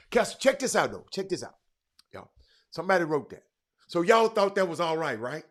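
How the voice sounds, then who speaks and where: A middle-aged man hosting a sports talk show, chatting loudly and calling out viewers by name in casual Southern vernacular. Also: sits high, fairly quick. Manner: loud, excitable, calls out viewers by name; Southern vernacular, y'all and ain't. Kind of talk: casual livestream chat reading comments.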